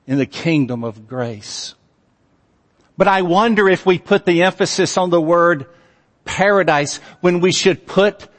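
A man preaching a sermon in a slow, earnest manner, letting his phrase endings fall soft and low. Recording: long hall reverb.

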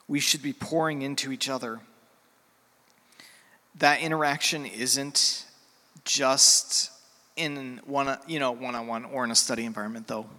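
A middle-aged man preaching a sermon as a pastor, earnest and heartfelt, with pauses and fillers. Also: medium pitch, steady tone, pushed and bright. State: emotional, near tears. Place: church sanctuary. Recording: church hall with long reverb.

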